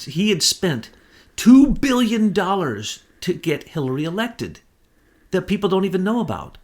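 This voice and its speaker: A man with an Ozark accent and a slightly high voice, co-hosting casual political commentary. He talks like an animated storyteller and builds his points with long runs of phrases. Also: vocal fry. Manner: animated storyteller, acts out quotes. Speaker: co-host.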